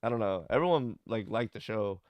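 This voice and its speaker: A man's voice: fairly low pitch, animated, brisk, no echo, muffled recording. A young man chatting casually on a podcast, laid-back and rambling, swearing and saying "like" a lot. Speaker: podcast co-host. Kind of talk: casual chat.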